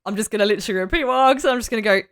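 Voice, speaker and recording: Female player, mid pitch, hesitant and chatty, lots of fillers. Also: very fast, a bit bright. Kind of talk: tabletop role-play chat.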